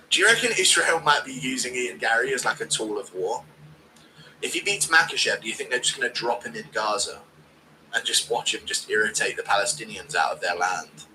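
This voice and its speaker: A man's voice: mid-range voice, animated, fairly quick, sharp tone, slight background noise, poor audio. A man streaming a casual watch-along, joking crudely and reading out donations.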